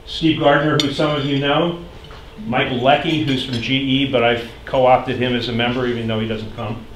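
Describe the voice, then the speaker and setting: A man making chapter announcements at a dinner meeting, relaxed and chuckling now and then. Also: mid-range voice, normal speed, a little hiss or hum. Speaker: chapter president hosting a meeting. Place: echoey meeting room with dinner service. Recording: echoey room, clinking dishes behind.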